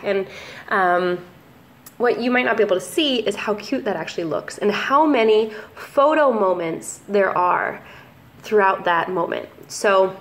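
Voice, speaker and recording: Chatty young woman photographer. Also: mid-range voice. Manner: chatty, relaxed, frequent ums and likes. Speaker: family photographer. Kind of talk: casual talking-head vlog.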